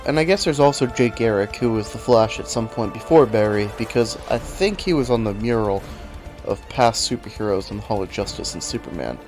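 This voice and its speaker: A man's voice: lowish voice, vocal fry, a little mellow. A man talking casually into the camera, rambling and poking fun at himself, sometimes breaking into cursing rants. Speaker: video essay host. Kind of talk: casual commentary.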